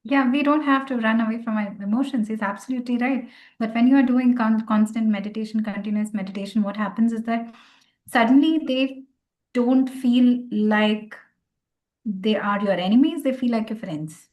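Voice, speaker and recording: A woman, gently guiding a meditation class and encouraging her students. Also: fairly high pitch, normal speed, poor audio. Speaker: meditation teacher. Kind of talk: online class talk.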